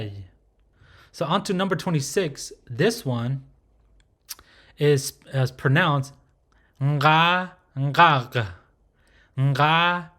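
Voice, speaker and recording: Patient man teaching pronunciation. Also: medium pitch. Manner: patient, repeats sounds slowly with frequent "right?" checks. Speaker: language teacher. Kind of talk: recorded lesson.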